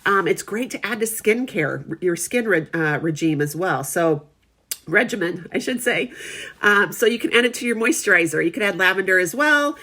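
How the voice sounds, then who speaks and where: A woman's voice: medium pitch, animated, normal speed, pushed and bright. A middle-aged woman giving a casual product demonstration, chatty and friendly, often checking in with her viewers.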